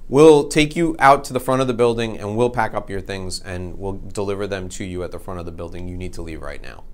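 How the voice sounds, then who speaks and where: A man's voice: low-pitched, brisk, voice pushed down, lightly acted. A man doing a stern security guard. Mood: firm. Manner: firm, polite, no-nonsense.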